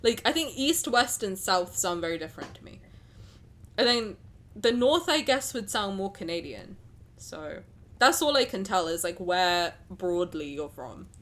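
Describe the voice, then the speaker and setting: A woman's voice: mid-range voice, unhurried. A young woman with a South London accent, chatting casually on a live stream and reading a game story aloud. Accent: South London English. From England. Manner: chatty, animated, giggly.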